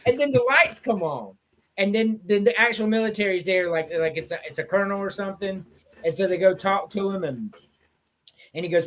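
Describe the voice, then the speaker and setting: Swearing liberally and performing movie lines, this male co-host of a laid-back sports podcast recounts comedy scenes as an animated storyteller. His voice sits high and he talks at a moderate pace.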